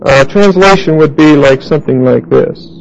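A man teaching a Bible lesson, explaining Greek grammar deliberately and spelling out words as he writes them on a board. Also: a little high, creaky, dull audio, slight background noise. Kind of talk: Bible study lecture.

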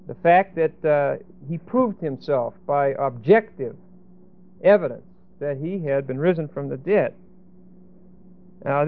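Man teaching scripture, tinny lo-fi sound. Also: a little high. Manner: explanatory, emphatic, frequent "okay?" and "see?". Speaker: Bible teacher. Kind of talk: expository Bible teaching.

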